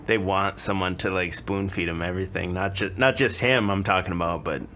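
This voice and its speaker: A man's voice: sits low, steady tone, brisk, bright, forceful tone, a little hiss or hum. A man in a casual group chat, easygoing and laughing often. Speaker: podcast panelist.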